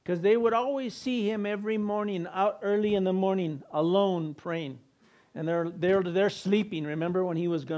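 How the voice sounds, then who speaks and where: A man's voice: high-pitched, darkish tone, highs cut off. A man preaching a sermon as pastor, earnest and direct, leading his congregation in prayer.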